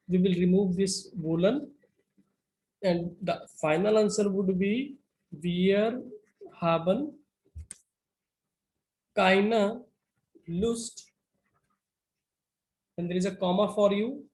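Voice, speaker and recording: A man's voice: high-pitched, a little mellow, rough recording. A man teaching German grammar to students, going step by step through rules and often checking in with "right?". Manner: slow, methodical, with repeated "right?" checks.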